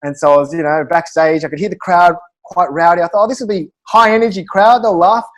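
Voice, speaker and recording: Australian man, comedian guest, high voice, animated rambling stories, casual chat. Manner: animated, fast anecdotes with laughs and restarts. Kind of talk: casual storytelling.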